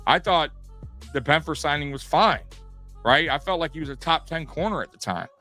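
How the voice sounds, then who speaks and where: A man's voice: on the high side, expressive, moderate pace, bright, forceful tone, soft background music. A man co-hosting a live sports podcast, talking casually in a rambling, profane way with many restarts and fillers. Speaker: podcast co-host.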